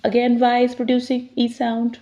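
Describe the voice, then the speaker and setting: A woman teaching English pronunciation, explaining step by step and slowly sounding out each word. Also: on the high side, monotone, warm tone. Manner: slows down to sound out words clearly. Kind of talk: slow, deliberate teaching explanation. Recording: slightly dull, lo-fi sound.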